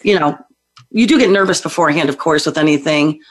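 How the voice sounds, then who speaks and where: A woman's voice: low-pitched, quick pace. A woman guest on a talk show, a psychic medium telling her story in a hyper, rowdy, chatty way. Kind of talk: casual talk show interview.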